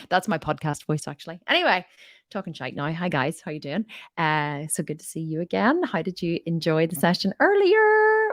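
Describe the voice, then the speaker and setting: A woman's voice: lowish voice, sing-song, moderate pace, no room sound, clean studio sound. Upbeat woman hosting a livestream. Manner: chatty and upbeat, greets viewers by name. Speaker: fitness coach hosting a live Q&A. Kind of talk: casual livestream chat. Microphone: computer microphone on a video stream.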